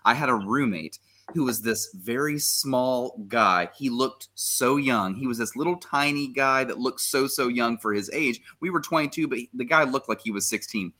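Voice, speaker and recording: Lively bright-voiced male podcast host. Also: medium pitch, moderate pace. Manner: animated, acts out quotes, laughs while telling. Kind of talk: casual chat and storytelling.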